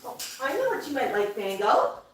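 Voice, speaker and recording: A woman hosting a casual livestream, talking softly and coaxingly to her pet parrots between reading viewer comments. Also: high-pitched, wildly swooping pitch, moderate pace. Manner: soothing baby-talk to her parrots. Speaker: parrot keeper and livestream host. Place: indoor room with parrots. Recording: echoey room, heard from a distance. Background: faint noise and birds.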